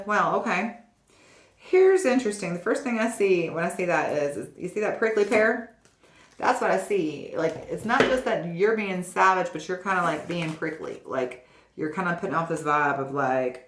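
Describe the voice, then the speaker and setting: A woman's voice: fairly low pitch, lively intonation, normal speed. A woman giving a casual tarot reading to her viewers, chatty and often checking in with "okay?". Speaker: tarot reader. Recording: roomy echo, faint noise.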